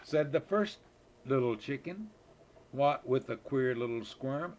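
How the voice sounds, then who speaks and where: A man's voice: medium pitch, animated, normal speed, a little hiss or hum. An older man, a grandfather, reading children's poems aloud in a sing-song way, now and then slipping and rereading a line.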